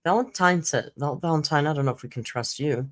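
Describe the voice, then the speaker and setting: A woman's voice: deep voice, a little fast. A woman hosting a casual live-stream chat, telling stories in a chatty way and acting out what others said. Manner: chatty storytelling, frequent laughs, acts out other people's lines. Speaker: YouTube commentary host.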